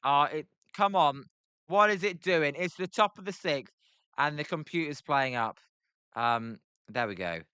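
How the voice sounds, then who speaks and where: A British live play-by-play streamer calls a baseball game from his computer, reading viewer chat between pitches. His bright, crisp voice sits slightly high, with a measured pace and a loose, scattered delivery full of filler ums and self-deprecating jokes. The recording is dry and close.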